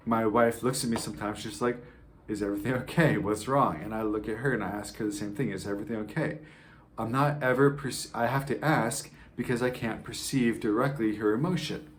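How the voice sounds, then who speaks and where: A man teaching a sales masterclass, explaining ideas step by step and often checking in with "right?" and "okay?", acting out tones of voice in his examples. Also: fairly low pitch. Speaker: sales coach.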